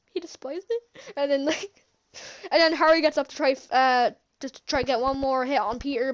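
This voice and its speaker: A woman recapping a movie in a casual, rambling way, laughing often and restarting her sentences. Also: high voice. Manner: rambling, giggly, many restarts. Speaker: movie reviewer.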